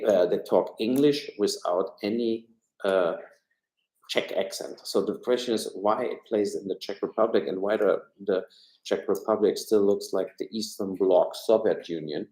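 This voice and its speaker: A man's voice: lowish voice, a bit bright, reverberant, rough recording. A man from Germany with a German accent, giving blunt, rambling, opinionated film and politics commentary on a casual live stream from home. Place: room at home.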